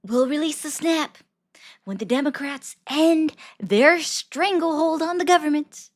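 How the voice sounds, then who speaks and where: Brief: a bragging older male president, loud and singsong, in a livestream bit, as a woman puts him on in her own voice. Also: high voice, a little slow, pitched above the performer's own voice. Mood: boastful. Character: boastful older male president, self-praising.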